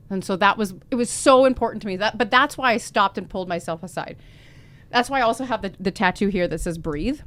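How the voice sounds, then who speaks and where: Woman telling stories with lively emotion. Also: medium pitch, quick pace. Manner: lively storytelling, emotional and open. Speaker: podcast co-host. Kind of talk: casual chat.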